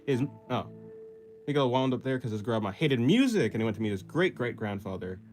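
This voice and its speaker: While sketching on a drawing stream, a man reads viewer messages aloud and answers in a loose, rambling, self-deprecating way, laughing often. His pitch bounces around with lively intonation and he talks briskly. A soft guitar plays quietly in the background.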